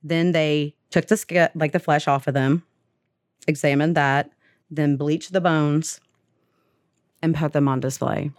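A woman's voice: sits low, steady tone, a little slow, pauses often, dry recording, studio quality. A young woman casually retelling a story on a podcast, full of "like" and acted-out quotes.

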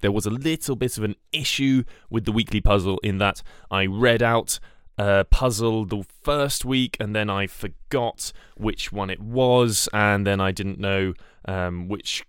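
A man's voice: fairly low pitch, fairly bright tone, clear, resonant tone, no room sound, studio quality. A man hosting a comedic podcast, rambling and hesitant, with a self-deprecating manner. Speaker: podcast host.

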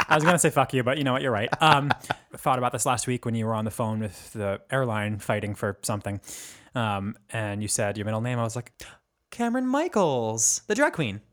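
A man's voice: on the low side, steady tone, a little fast, a bit bright. A man co-hosting a casual podcast, bantering and teasing his friend with frequent laughter. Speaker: podcast co-host.

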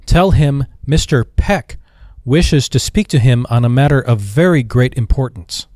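A man's voice: medium pitch, measured pace, a little mellow, dry recording, natural voice. Frazzled young ex-soldier at his wits' end, voiced by a male narrator, dry close read. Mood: wailing. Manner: exasperated, pleading. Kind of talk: audiobook character voice.

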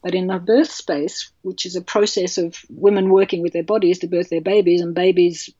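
A woman's voice: on the low side, steady tone, normal speed, dark tone, dry recording, dull audio. A woman, speaking passionately and bluntly as a childbirth educator in an interview. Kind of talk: podcast interview.

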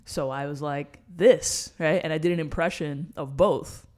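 A woman's voice: low voice, steady tone, normal speed, darkish tone. A woman, co-hosting a podcast and telling stories in a blunt, casual way, swearing freely. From New York City. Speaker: podcast co-host. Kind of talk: casual chat.

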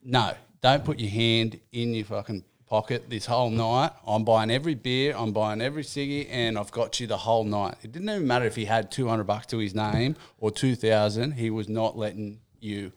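Easygoing Australian storyteller. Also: male voice, lowish voice, moderate pace, few pauses. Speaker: podcast co-host. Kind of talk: casual chat.

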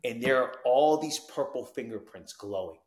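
A man telling his recovery story as a podcast guest, animated, dropping to hushed tones and jumping to loud whoops. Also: medium pitch, moderate pace, reverberant. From New Jersey.

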